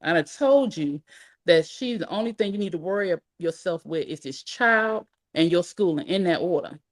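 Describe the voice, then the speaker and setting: A woman voicing a firm but gentle grandfather who soothes and lectures. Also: on the low side, lively intonation, normal speed. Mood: soothing.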